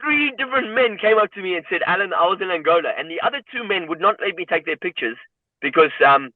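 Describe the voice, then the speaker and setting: A man's voice: high-pitched, fast, no room sound. Guy in his 50s, emotional storyteller, dry tinny phone-ish sound. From South Africa. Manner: emotional, animated storyteller leaning on "you know". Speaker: guest. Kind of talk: personal storytelling in an interview.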